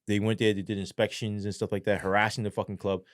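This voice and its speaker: Ex-cop podcast guest: low, dry voice, swears constantly, spins an animated story with acted-out quotes. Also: male voice, fast, dry recording. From New York. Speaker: podcast guest, former police sergeant. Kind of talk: casual storytelling interview.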